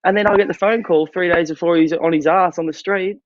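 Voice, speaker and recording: A man's voice: high voice, steady tone, fairly quick, no echo, highs cut off. A young man, a lifeguard guest, chatting casually, laid-back and joking with frequent laughs. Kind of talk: casual interview chat.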